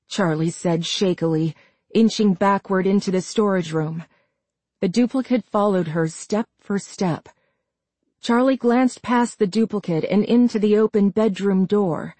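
A woman reading a suspense novel aloud in a measured, even storytelling manner. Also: mid-range voice, dry recording. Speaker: narrator. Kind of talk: scripted audiobook narration.

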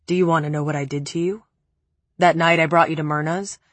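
A woman voicing a cold, cruel young man who speaks calmly and cuttingly in a low, flat tone. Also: fairly quick, no room sound. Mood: cold, menacing.

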